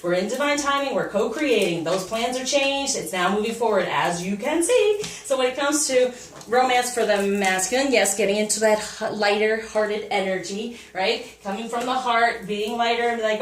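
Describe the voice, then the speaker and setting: A woman's voice: a little high, normal speed. A woman giving a casual spoken tarot reading as a spiritual coach, upbeat and encouraging. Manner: upbeat, encouraging, animated with laughs and quoted asides. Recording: echoey room, voice a bit far from the mic, faint noise.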